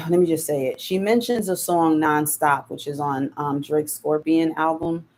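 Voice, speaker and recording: A live stream host giving relaxed, chatty reaction commentary on played clips. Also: medium pitch, moderate pace.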